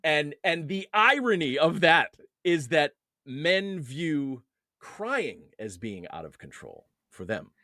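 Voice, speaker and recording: A man's voice: a little high, takes it slowly, no room sound, studio quality. Man explaining through everyday analogies. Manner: explains through everyday analogies, animated lift on key words. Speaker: guest, men's emotional coach. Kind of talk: conversational interview.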